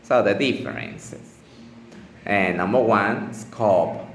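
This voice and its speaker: Man teaching English, very slow and deliberate delivery, deep low voice, echoey room, faint background hum. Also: fairly bright tone. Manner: deliberate, pausing, with fillers and restarts. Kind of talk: slow instructional explanation.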